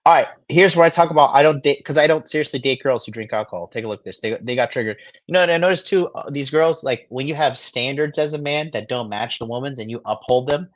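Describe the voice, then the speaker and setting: A man's voice: medium pitch, fast talker, hardly any pauses, dry recording, dull audio. A man giving crude, mocking commentary on video clips in a swaggering, profane way. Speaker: streamer reacting to clips.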